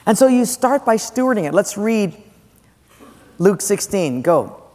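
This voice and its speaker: A male pastor preaching in a large church, chatty and quick to joke as he questions his listeners. His voice sits a bit high for a man. A long reverb trails off every phrase. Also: sing-song, darkish tone. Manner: conversational, questioning the congregation, joking. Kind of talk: sermon.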